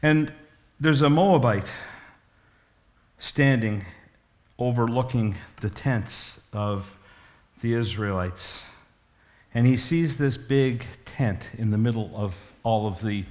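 A man's voice: lowish voice, a little mellow. Folksy storytelling preacher man. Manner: folksy, rambling with restarts. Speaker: pastor. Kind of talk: storytelling sermon.

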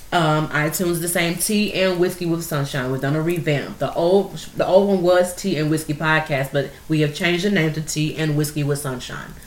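A woman hosts a casual podcast, talking with open emotion and animated energy as she tells a story. Her voice sits a bit low for a woman. The recording has a roomy echo around it. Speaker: podcast host.

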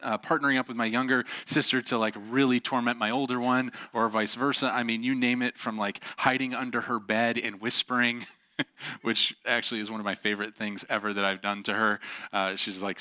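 A man preaching in a relaxed, conversational way, full of asides and acted-out voices. His tone is bright and forceful, recorded close and dry with no room sound. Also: mid-range voice, a little fast, no echo. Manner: animated, acts out quoted voices. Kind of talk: casual sermon with storytelling.

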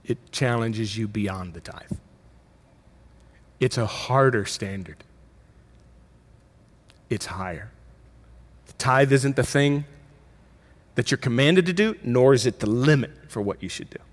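A middle-aged man delivers a sermon from the pulpit. His pitch sits in a middling range, and his delivery stays conversational, pushing up in emphasis and catching itself mid-phrase before pressing on. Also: lively intonation, unhurried, long pauses. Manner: conversational preaching with emphatic rises and self-corrections. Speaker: pastor.

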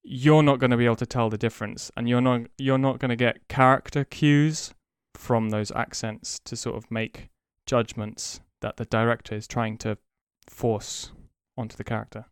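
A man co-hosting a podcast in casual chat, talking slowly and deliberately with many pauses and ums as he explains. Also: mid-range voice, fairly even intonation, clear, resonant tone, no echo, clean studio sound. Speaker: podcast co-host.

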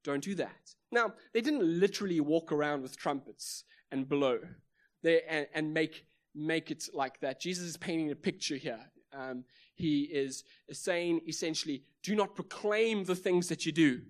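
A man's voice: fairly high pitch, normal speed. A South African man with a South African accent preaching a sermon, emphatic, with repeated phrases and rhetorical questions. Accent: South African English. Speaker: pastor.

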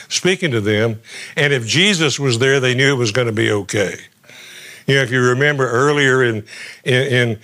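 Man, middle-aged pastor, sermon, halting, repeats words, plain mid pitch. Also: a bit bright. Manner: halting, repeats words often, conversational preaching. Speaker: guest pastor.

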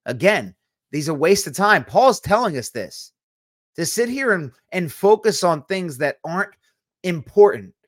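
A man's voice: on the high side, fairly bright tone, no echo. Blunt, dry-sounding man preaching. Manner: conversational, blunt, teasing asides. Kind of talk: sermon-style teaching.

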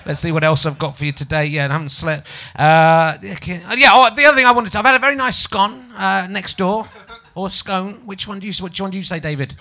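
A bright, fairly high-voiced man in his forties from Yorkshire, with a light Yorkshire accent, hosting a live comedy podcast. He chats loosely and mocks himself while needling the audience. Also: steady tone, fast, hardly any pauses. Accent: Yorkshire English. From Yorkshire, England. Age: 40s. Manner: chatty, self-mocking, teasing the audience. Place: small live venue with audience.

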